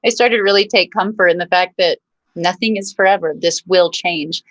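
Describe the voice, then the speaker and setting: A woman guest singer talking earnestly and thoughtfully in an interview, in measured, encouraging phrases. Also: on the low side, a bit bright, no room sound, poor audio. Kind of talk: reflective interview talk.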